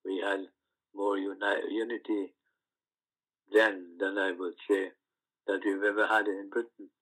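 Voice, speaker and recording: An older man from the West Indies, recalling his past in an oral history interview, telling stories with halting restarts. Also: fairly low pitch, low-quality recording. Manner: storytelling, animated recollections with halting restarts.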